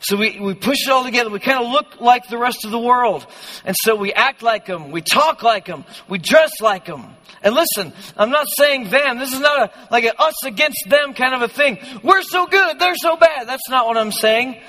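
A youth pastor preaching a conversational, passionate sermon in a church hall. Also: male voice, extremely high pitch, moderate pace, pushed and bright. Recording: long hall reverb.

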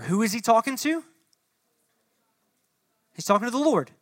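A young man preaching a sermon to a congregation, talking to the room directly and rising from soft, low speech to loud, impassioned reading. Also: sing-song, normal speed, pauses often, no room sound, clean studio sound. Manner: addresses the room directly, conversational asides. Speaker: pastor. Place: church hall before a congregation.

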